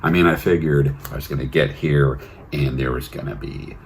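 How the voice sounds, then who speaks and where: A man's voice: extremely low pitch, fairly even intonation, normal speed, creaky, a little hiss or hum. A man hosting a comedy show, opening a new season with a dry, wry delivery. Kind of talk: comic show intro. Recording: echoey room.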